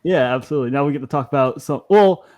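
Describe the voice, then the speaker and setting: A man's voice: medium pitch, quick pace, a little mellow, muffled recording. A man hosting a podcast, talking casually and chattily, with frequent ums and restarts. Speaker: podcast host.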